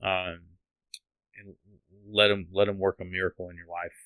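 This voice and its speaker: A man from the United States tells his faith story as a podcast guest, earnest and rambling, circling back and restarting his sentences. His voice sits a little low, and the sound is close and dry with no room echo. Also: flat delivery, normal speed, clean tone, phone-quality sound. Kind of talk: emotional testimony.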